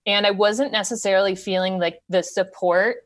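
A woman guest telling a candid, animated story in casual conversation. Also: mid-range voice, normal speed. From Wisconsin. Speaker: podcast guest.

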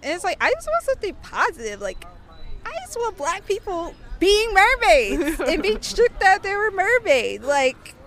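A young woman in her twenties tells an animated story in casual speech, peppered with "like". Her voice is high. She talks freely to an interviewer. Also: normal speed. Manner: animated, full of "like" fillers.

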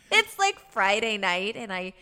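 Bright, lively woman podcast co-host. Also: medium pitch, slow pace, clean tone. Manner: giggly, chatty storyteller. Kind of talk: casual chat.

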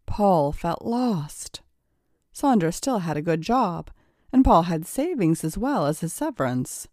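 A woman narrates a scripted story with a measured, storytelling delivery. Her voice is low and warm, with lively pitch, recorded close and dry. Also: no room sound.

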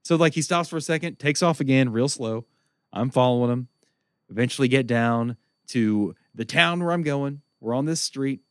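A man telling a long story as a podcast co-host, profane and animated, laughing often. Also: mid-range voice, normal speed, no echo, studio quality. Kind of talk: casual storytelling chat.

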